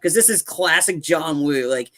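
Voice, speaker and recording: A man co-hosting a podcast, excitedly recapping film scenes with lots of fillers and acted-out quotes. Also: a little high, normal speed. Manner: animated retelling, acts out quotes, lots of fillers. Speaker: podcast co-host. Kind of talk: casual movie review chat.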